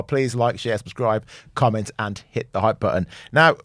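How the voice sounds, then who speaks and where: A man's voice: medium pitch, animated, slow, a bit bright, dry recording, clean studio sound. A man hosting a casual talk show, easygoing, laughing readily and adding short agreeing interjections. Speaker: host.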